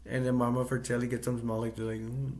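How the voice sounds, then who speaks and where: A man's voice: medium pitch, monotone, fast, a little mellow. A man casually recapping a movie's plot, rambling and hesitant, with many fillers and self-corrections. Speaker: movie reviewer.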